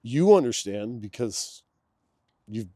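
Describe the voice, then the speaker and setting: A man guesting on a podcast, telling a personal story in a loose, candid way, dropping to a hush when he quotes someone. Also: mid-range voice, very animated, slow, husky, dry recording. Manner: loose and candid, drops into a hushed voice when quoting. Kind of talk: casual conversational storytelling.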